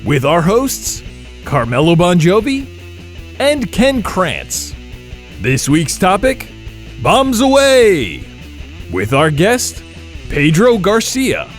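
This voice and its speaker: A man reading a showy, drawn-out scripted introduction as the show's announcer. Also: high-pitched, wildly swooping pitch. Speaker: show announcer. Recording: faint guitar music behind.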